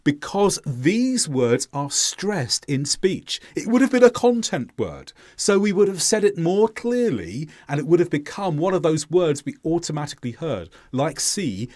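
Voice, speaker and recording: A man leads a scripted lesson, speaking clearly and deliberately as he demonstrates pronunciation. His fairly high voice rises and falls in lively swings. The sound is close and dry. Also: no echo. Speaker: English teacher.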